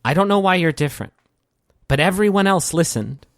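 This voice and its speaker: A man voicing a calm, wistful male villain who speaks for a world-devouring hunger, in a soft, unhurried, faintly sorrowful way. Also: high voice, no echo, studio quality, pitched above the performer's own voice.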